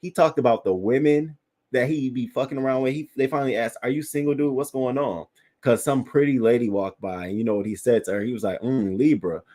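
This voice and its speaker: A man hosts a casual livestream and talks straight to his viewers. He gives blunt celebrity news commentary and swears freely. His voice sits at an ordinary male pitch. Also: fast, darkish tone. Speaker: livestream host reading viewer chat.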